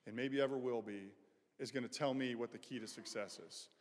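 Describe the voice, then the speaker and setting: A man voicing an eager young boy in a story, speaking in an earnest, low, breathless way. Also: fairly quick, close to an everyday voice. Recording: echoey chapel reverb.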